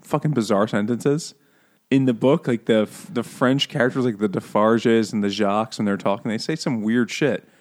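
Joking male podcast co-host, swears freely, middle pitch. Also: fairly even intonation, moderate pace. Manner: jokey, swears, jumps into high silly voices. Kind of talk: casual book-club chat over beers.

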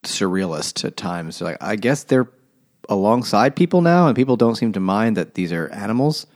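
A man's voice: on the low side, sing-song, normal speed, a little mellow. A man co-hosting a podcast, chatting casually and wryly about a book, rambling and laughing often. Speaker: podcast co-host.

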